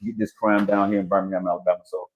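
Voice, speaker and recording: Male talk-show host, jokey, high-energy banter, studio. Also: rapid-fire, low-quality recording. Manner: animated, joking, hypes up the guest.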